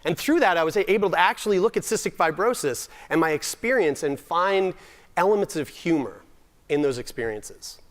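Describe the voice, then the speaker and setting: A man's voice: on the high side, expressive, a little fast. Self-mocking young man telling stories on stage. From Nova Scotia, Canada. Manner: self-deprecating, comic timing, frequent restarts. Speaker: summit speaker. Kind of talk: humorous personal storytelling talk.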